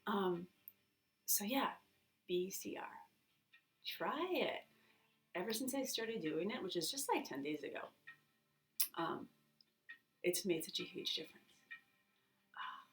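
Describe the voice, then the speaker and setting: A woman's voice: mid-range voice, animated, slow pace, pauses often, faint music behind. A woman yoga instructor chatting casually and enthusiastically before guiding a breathing practice, with many fillers. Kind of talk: casual chat and guided breathing.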